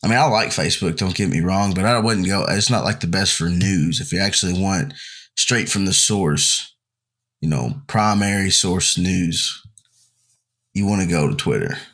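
A young man co-hosting a podcast, chatting in a relaxed, rambling way full of fillers. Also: deep voice, normal speed. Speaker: podcast co-host. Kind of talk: casual chat.

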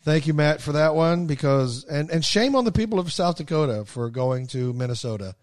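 A middle-aged man co-hosting a podcast, chatting casually with dry, wry humor and soft asides. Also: fairly high pitch, animated, brisk, no echo. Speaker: podcast co-host. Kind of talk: casual chat.

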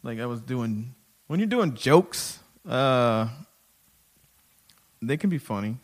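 A man's voice: medium pitch, lively intonation, slow. A man, a stand-up comic, talking frankly in a rambling, self-deprecating way. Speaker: stand-up comedian guest. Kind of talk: casual chat.

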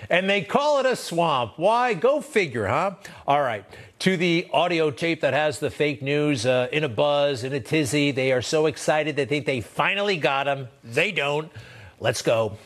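A man hosting a TV news show, delivering sarcastic, animated commentary that leaps upward in pitch for emphasis. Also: measured pace. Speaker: TV news host.

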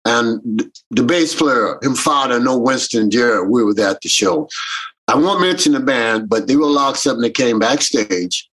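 A husky, slightly breathy man with a lilt, leading a reggae band and talking through his stories. He tells them animatedly, slipping into the voices of the people he quotes. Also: medium pitch, expressive, normal speed, fairly bright tone, low-quality recording. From Jamaican American. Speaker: reggae bandleader. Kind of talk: casual interview storytelling.

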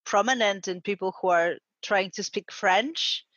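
A woman's voice: mid-range voice, a little slow, a bit bright, no echo, lo-fi sound. A woman from Poland with a Polish accent, chatting casually in a thoughtful, hesitant way and laughing often. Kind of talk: casual conversation.

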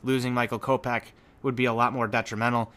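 A man's voice: medium pitch, flat delivery, fast, fairly bright tone. Guy rambling on a sports podcast, lots of uhs and restarts, regular voice. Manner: rambling, frequent restarts and fillers. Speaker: podcast co-host. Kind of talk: casual sports podcast chat.

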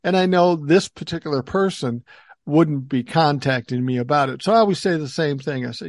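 An older man hosting a podcast, telling stories in a lively, animated way, acting out voices and swearing casually. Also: on the high side, fairly quick, no echo, studio quality. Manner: animated storyteller, acts out quoted voices, swears. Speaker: podcast host. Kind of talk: casual chat.

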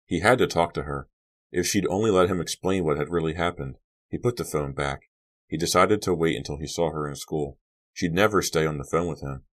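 A man narrating an audiobook in an even, measured storytelling voice. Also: rumbling low.

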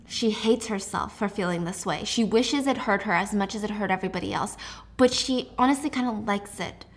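A young woman hosting a casual book recap, telling the story in an animated way with side comments. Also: medium pitch, fairly quick. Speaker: host.

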